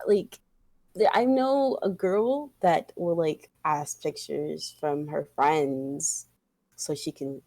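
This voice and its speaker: A young woman co-hosting a podcast in casual chat, slangy and quick to laugh. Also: deep voice, vocal fry, a little mellow, no echo. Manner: slangy, laughs often, says bro. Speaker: podcast co-host.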